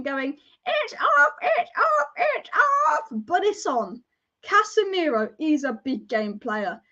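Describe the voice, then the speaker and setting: A young woman hosting a live football watch-along, excitable and casual, chanting and swearing as she reacts. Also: on the high side. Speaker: football fan livestream host. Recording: dull lo-fi stream audio.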